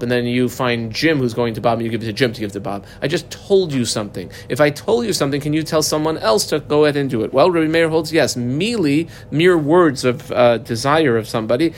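A man's voice: a little high, slight background noise. A man teaching a Talmud class, translating phrases and explaining them step by step in a casual way with many fillers.

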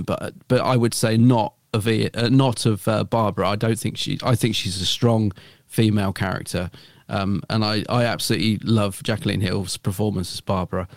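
A man with a fairly low voice talks casually as a podcast co-host. He rambles with plenty of "you know" and restarts, recorded close and dry with no room sound. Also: no room sound. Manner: rambling, enthusiastic, many fillers and restarts.

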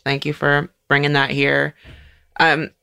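A woman's voice: low voice, little pitch movement, measured pace, vocal fry, pushed and bright, smooth. A woman co-hosting a podcast in casual chat, sarcastic and riffing with mock quotes. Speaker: podcast co-host.

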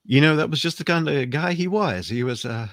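A man's voice: fairly high pitch, expressive, a little fast, fairly bright tone, no echo, studio quality. A man from the American South with a Southern accent, telling a rambling family story in casual chat, with frequent restarts. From Alabama, US South.

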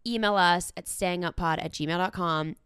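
A young adult woman co-hosting a podcast in casual chat, gushing and excitable, laughing easily. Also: on the low side, moderate pace, clean tone, no room sound, clean studio sound. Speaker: podcast co-host.

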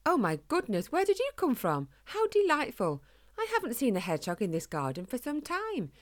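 A woman's voice: fairly low pitch, big pitch swings, moderate pace. A woman voicing a gracious, posh-spoken elderly queen in a storybook. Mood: delighted. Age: older. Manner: posh, refined speech.

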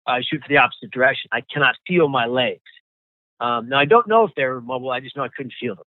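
Man with halting speech over a tinny line. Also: mid-range voice, no room sound. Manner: halting, repeats words when emotional. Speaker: guest, survivor telling his story. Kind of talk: personal story in an interview.

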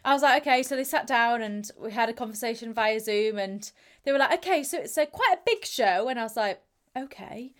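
A young woman with a slightly high voice tells her stories openly and with feeling. She speaks as an interview guest and slips into quick impressions of the people she quotes. She laughs easily as she talks. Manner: animated, acts out quoted voices, laughs readily. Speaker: interviewee, Paralympic athlete. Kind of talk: candid conversational storytelling.

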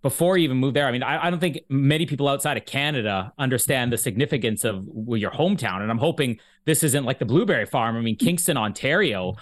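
A man's voice: mid-range voice, fast talker, hardly any pauses. A man co-hosting a podcast who asks the guest questions hesitantly, with many fillers. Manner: hesitant, fills with "I mean" and "uh". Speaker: podcast co-host. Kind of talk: casual interview questions.

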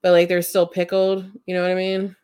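A woman's voice: fairly low pitch, completely flat delivery, fairly quick, darkish tone, clean tone. A young woman from Central Ohio co-hosting a casual podcast, blunt and opinionated. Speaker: podcast co-host. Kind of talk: casual chat.

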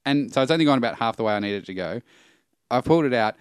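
A man co-hosting a comedy podcast who tells his own stories in an animated way. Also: mid-range voice, fast talker, smooth, no echo, studio quality. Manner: animated storyteller. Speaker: podcast co-host. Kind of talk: casual comedy podcast storytelling.

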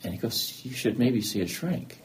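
A middle-aged man talks earnestly as a guest in an interview, acting out old conversations while he recounts them. His voice is medium-pitched, with lively intonation and a moderate pace. The talk is candid.

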